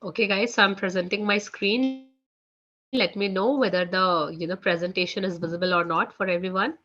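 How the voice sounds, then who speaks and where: A woman's voice: mid-range voice, steady tone, moderate pace, a bit bright, highs cut off. A woman teaching French in a live online class, chatty, leaning on "you know" and "guys". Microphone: video call.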